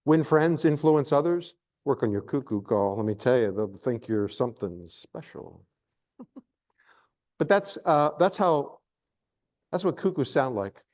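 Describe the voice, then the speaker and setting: A middle-aged man lectures on nature to a live audience, a naturalist with a voice that is neither high nor low. He is playful and theatrical, teasing his listeners as he teaches. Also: expressive, unhurried, a little mellow.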